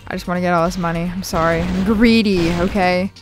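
A woman's voice: on the low side, fast talker, hardly any pauses. Young woman, let's play commentary, chatty, swears, faint game music behind. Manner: chatty, swears, jokey asides. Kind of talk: casual gameplay commentary.

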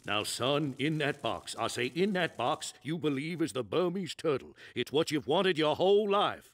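An actor playing an old rooster film director with a drawl and a habit of repeating "I say". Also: male voice, a little high, lively intonation, moderate pace, lightly acted. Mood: coaching. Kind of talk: cartoon voice acting.

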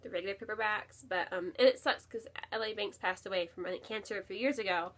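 Talking quickly at a medium pitch, a woman vlogs about books from home near her shelves. The chat is casual and enthusiastic, sprinkled with fillers, repeated words, and many uses of "really."

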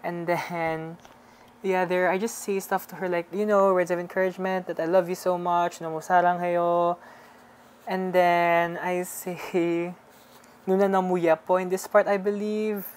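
A young man from the Philippines, excitedly narrating his fan video call in a chatty, gushing way. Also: high voice, a little slow, a little hiss or hum. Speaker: fan vlogger.

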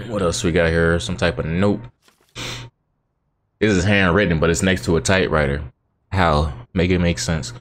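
A man hosting his gaming channel, chatting casually over his gameplay with relaxed, slangy banter and talking back at the game. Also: low voice, a little slow, pauses often, a little hiss or hum.

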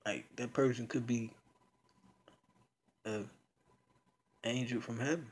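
A man's voice: mid-range voice, steady tone, takes it slowly. A young man casually retelling a story in a rambling, slangy way, cursing freely. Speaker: video blogger.

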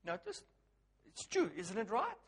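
A man preaching a lively sermon, asking the crowd questions and swinging from hushed to loud. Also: high-pitched, moderate pace, in a large hall.

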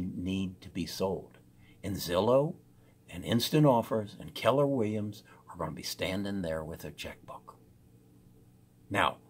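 A man's voice: low-pitched, fairly bright tone, breathy edge. An older man giving a promotional talk to viewers, emphatic and salesy, speaking straight to them. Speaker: real estate agent and investor.

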